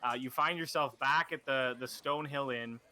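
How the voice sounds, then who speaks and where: A man's voice: mid-range voice, moderate pace, pushed and bright. A man running a tabletop game as dungeon master, narrating with lots of ums and self-corrections.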